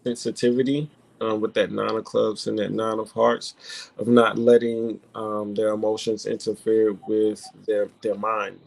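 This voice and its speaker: Gravelly man in halting casual chat. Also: lowish voice, little pitch movement. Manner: halting, many fillers and restarts. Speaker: panelist discussing card readings.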